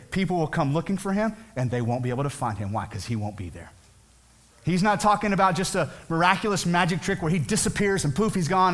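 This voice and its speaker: A man preaching a sermon as pastor, talking conversationally and asking many rhetorical questions. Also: on the high side.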